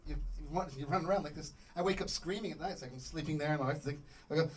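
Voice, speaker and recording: A man doing a stand-up comedy set on a club stage, rambling and joking, acting out little scenes with sudden shouts. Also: a little high, very fast, slightly rough.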